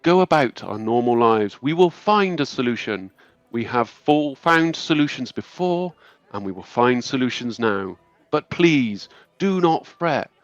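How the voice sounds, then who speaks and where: A man voicing a graceful, authoritative high elf woman who soothes a crowd in a formal, reassuring manner. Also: lively intonation, measured pace, no echo, highs cut off. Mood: soothing.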